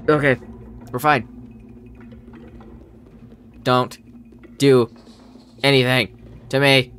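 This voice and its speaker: A man with a bright, sharp voice commentates a horror game at an unhurried pace. He talks to the characters on screen and yelps and swears whenever something startles him. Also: mid-range voice, flat delivery, slight background noise. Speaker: let's play gamer.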